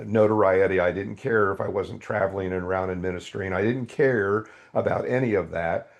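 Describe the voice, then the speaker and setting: A middle-aged man, a podcast guest, telling his faith story in a raw, candid way and acting out his own past outbursts. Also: on the low side. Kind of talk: candid testimony in an interview.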